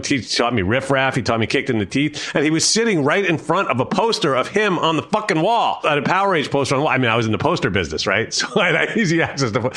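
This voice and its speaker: A man guest on an interview podcast, telling animated, profane anecdotes and acting out the people he quotes. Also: mid-range voice. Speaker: record executive guest. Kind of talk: storytelling interview.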